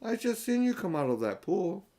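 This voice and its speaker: A man's voice: high voice, very animated, normal speed, warm tone, voice pushed up. An older man reading a storybook aloud, voicing a dreamy and sensible young girl in a raised voice. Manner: dreamy, then urgent and practical.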